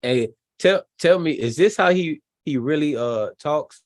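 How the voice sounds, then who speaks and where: A man's voice: on the high side, lively intonation, unhurried, no echo. A man hosting a live stream, reacting to a video with chatty, laughing asides and reading viewer comments. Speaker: channel host reacting to a video.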